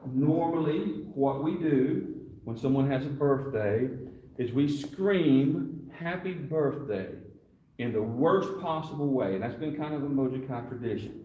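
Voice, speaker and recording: A man's voice: mid-range voice, moderate pace, mellow, a little hiss or hum. A middle-aged man, a karate instructor, speaks earnestly and reflectively to his class in a dojo. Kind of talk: addressing a class. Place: dojo, indoors. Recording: echoey hall from far off.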